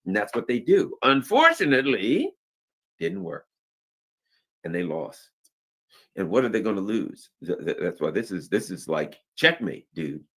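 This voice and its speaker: A man's voice: on the low side, a little slow. A man hosting casual political commentary, rambling with asides and briefly acting out the people he quotes. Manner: animated, acts out quoted voices, rambling asides.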